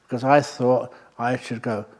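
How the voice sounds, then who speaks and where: A male Buddhist monk leads a meditation retreat with a wry, storytelling talk, in a voice of ordinary middle pitch. He winds through anecdotes at an easy pace and drops in the occasional filler as he goes. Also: fairly even intonation, moderate pace, darkish tone, breathy edge. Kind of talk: humorous storytelling dharma talk.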